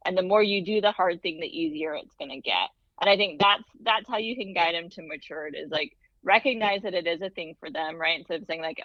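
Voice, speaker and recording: Woman co-host, lower voice, dull dry sound, thoughtful, lots of fillers. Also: fairly quick, hardly any pauses, no room sound. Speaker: podcast co-host. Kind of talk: casual podcast chat.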